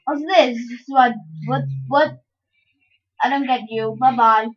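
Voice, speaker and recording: Excitable high-voiced woman, lo-fi recording. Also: measured pace. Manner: excitable, yelps and giggly outbursts. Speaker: gameplay commentator. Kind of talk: let's-play commentary.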